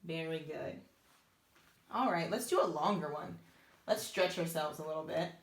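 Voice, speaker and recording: In a roomy-sounding space, a deep-voiced woman speaking at normal speed guides beginners through reading Hebrew letters. Her lesson is slow and patient, sounding letters out one step at a time and encouraging the learners with praise.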